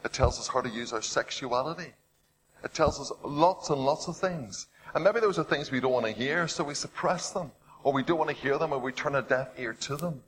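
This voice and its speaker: A man delivering a sermon in a mid-range voice. He retells scripture with dramatic swings, poses rhetorical questions and drops to a hush for weight. Faint noise sits under the recording. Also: medium pitch, a little fast, rough recording. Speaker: preacher.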